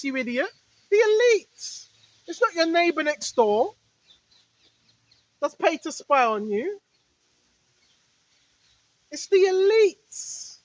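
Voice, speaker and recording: A woman's voice: extremely high pitch, dry recording, lo-fi sound. A woman preacher in a rambling spiritual monologue, repeating herself and firing rhetorical questions at her listeners. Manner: talks straight to listeners, now and then shouting rebukes at spirits.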